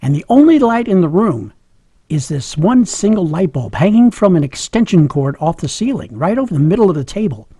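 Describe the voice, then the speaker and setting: A man's voice: high voice, very animated, brisk, dark tone, breathy edge. A middle-aged man telling a funny personal story, chuckling often and joking at his own expense. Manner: humorous, chuckling, self-mocking.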